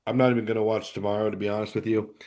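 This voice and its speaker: A man co-hosting a live sports podcast, ranting with sudden swings between loud outbursts and low mutters. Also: very fast. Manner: ranting, animated, jumps between loud and quiet. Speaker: podcast co-host. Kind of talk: live postgame sports chat.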